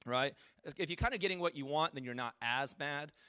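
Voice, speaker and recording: Male pastor with a high, crisp voice, preaching casually with jokes; dry, close sound. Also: fairly quick, pushed and bright, dry recording. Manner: casual, joking, asks the audience questions. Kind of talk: conversational sermon.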